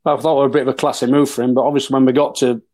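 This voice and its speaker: A man's voice: medium pitch, little pitch movement, racing, darkish tone. Blunt, storytelling middle-aged man. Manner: blunt, swears freely and acts out dialogue. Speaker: professional golf caddie, podcast guest. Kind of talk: casual storytelling.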